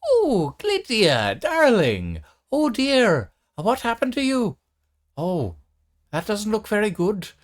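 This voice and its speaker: A man voicing a sweet, doting old grandmother who runs a potion shop, cooing and fussing in a high, fluttery voice. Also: wildly swooping pitch, slow pace, heavily acted.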